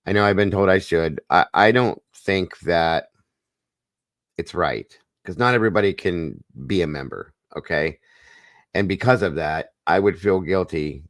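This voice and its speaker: A man hosting a live stream, chatting casually in a rambling, folksy way and clearing his throat now and then. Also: low-pitched, measured pace, no echo, studio quality. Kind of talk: casual chat.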